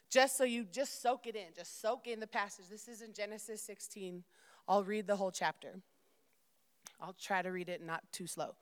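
Smooth-voiced young woman preaching casually. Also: medium pitch, no room sound, clean studio sound. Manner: informal, addresses listeners as y'all, prays and reads aloud. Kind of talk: sermon.

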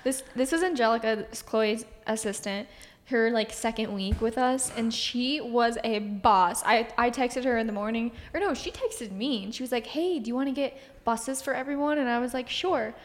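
A woman's voice: fairly high pitch, normal speed, long reverb tail. A woman co-hosting a podcast in casual chat, telling stories and acting out what people said. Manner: animated storyteller acting out quotes. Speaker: podcast co-host.

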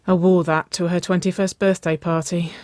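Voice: mid-range voice, very animated, slow, no room sound, studio quality, pitched above the performer's own voice. A reader voicing a shy, lovestruck young woman. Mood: grumbling.

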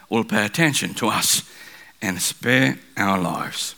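A male pastor preaching with animated storytelling. His voice swings widely in pitch, with a gravelly rasp and a bright, forceful tone. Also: takes it slowly. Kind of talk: sermon.

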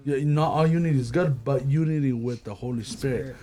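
A man's voice: mid-range voice, fairly quick, a crowd in the background. A man hosting a casual faith discussion with young people, who acts out the voices of the people he quotes. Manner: animated, acts out quoted speech.

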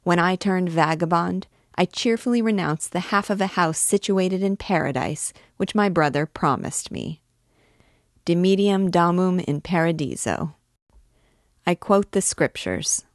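A rowdy young student holds court in a tavern, bragging and declaiming in mock-grand tones, as a woman reads him aloud. The voice sits low, and the sound is close and dry. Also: expressive, a little slow, dry recording. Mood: boastful. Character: rowdy boastful young male student, drunk.

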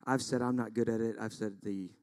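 A man's voice: on the low side, steady tone, a little fast, no echo. A man, a pastor, preaching a sermon in an intense, emphatic way with self-deprecating asides. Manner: intense, builds to loud emphatic peaks.

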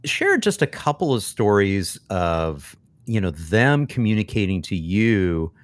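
A man's voice: fairly low pitch, big pitch swings, a little slow, no echo. A man hosting an interview, asking questions with lots of fillers and restarts. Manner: hesitant, filler-heavy questioning.

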